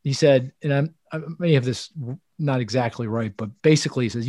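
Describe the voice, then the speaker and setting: A man hosting an interview, asking questions and telling stories in a lively, chatty way with frequent restarts. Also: medium pitch, brisk, dry recording. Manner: animated storytelling, frequent restarts and laughs. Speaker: host. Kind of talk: casual interview chat.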